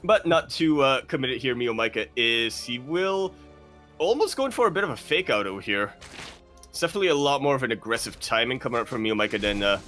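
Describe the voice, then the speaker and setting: A man casting a live strategy game tournament, chatty and laughing easily, with quick excited bursts. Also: medium pitch, faint music behind. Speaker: esports caster.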